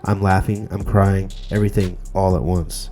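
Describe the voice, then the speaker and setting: A man's voice: sits low, little pitch movement, normal speed, mellow, faint music behind. A man telling a comic story in a loose, profane, rambling way, full of fillers and restarts. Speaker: podcast host.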